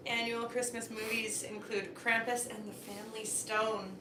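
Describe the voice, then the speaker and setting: A woman co-hosting a casual live kitchen stream, reading out viewer questions and chiming in with relaxed teasing. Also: on the high side, normal speed, echoey room, distant mic, background noise. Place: home kitchen.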